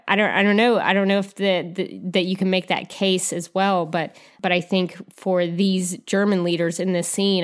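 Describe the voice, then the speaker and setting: A woman casually discussing a film, hedging her points and hesitant, with restarts. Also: on the low side.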